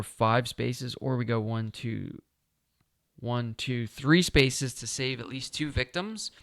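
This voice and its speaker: Casual board game streamer, male, smooth and clear, close and dry, talks through each move. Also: medium pitch, no room sound. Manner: thinking aloud, asking viewers, counting moves. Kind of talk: casual solo game playthrough.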